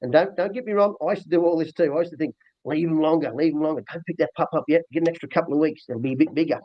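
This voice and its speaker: Fast-talking blunt older Australian man. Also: a little high, dry recording. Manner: blunt, rambling, earthy with frequent restarts. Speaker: dog trainer. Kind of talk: casual interview talk. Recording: dull lo-fi dry recording.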